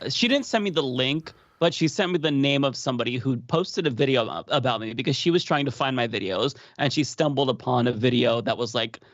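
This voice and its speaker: A man chatting casually on a podcast, retelling a story quickly and wryly. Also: mid-range voice, fairly bright tone, dry recording, lo-fi sound. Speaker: podcast host. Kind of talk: casual chat.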